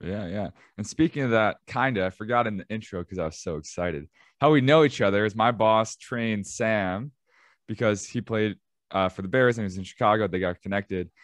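Low-voiced podcast host, easygoing. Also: male voice, moderate pace, dry recording. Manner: easygoing, brief affirmations. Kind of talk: casual interview chat.

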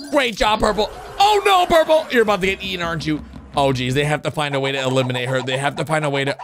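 A man commenting excitedly on cartoon animations, jumping between low murmurs and sudden shouts and gasps. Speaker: gaming YouTuber. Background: background music.

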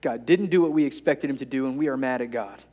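A male pastor preaching a sermon, retelling a scripture story with playful asides, swinging from hushed and soft to loud and rousing. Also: mid-range voice, quick pace, dull audio.

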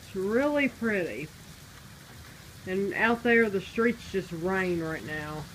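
Brief: slow, high-voiced woman vlogger, casual home chat, faint background noise. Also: lively intonation, poor audio. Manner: sing-song baby talk to her son. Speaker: vlogger and mother. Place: home, indoors and at the back door.

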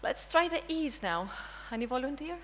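A woman's voice: high-pitched, animated, normal speed, slight background noise, rough recording. A woman with a Greek accent giving an interactive conference lesson, quizzing the audience and often checking in with a questioning "hmm?". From Greece. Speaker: language teacher presenting. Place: conference room.

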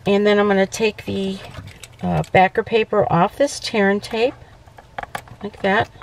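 A woman's voice: medium pitch, steady tone, a little slow, creaky, a little hiss or hum. A woman hosting a casual papercraft tutorial, chatty and self-correcting, often checking in with "okay". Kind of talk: casual crafting demonstration.

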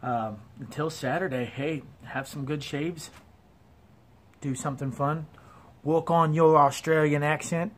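A man's voice: on the high side, fairly even intonation, unhurried, fairly bright tone. Chatty Ohio man reviewing shaves. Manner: chatty and self-deprecating, rambling asides. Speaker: wet shaving YouTuber. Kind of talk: casual product review. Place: porch at home.

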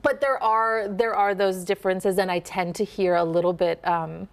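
A woman with a Minnesotan accent works as a dialect coach in a relaxed interview. Her voice has a gravelly fry running through it. She laughs easily and drags out sample phrases to show the sounds. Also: medium pitch. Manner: animated, laughs often, models sounds slowly. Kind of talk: casual interview, demonstrating accents.

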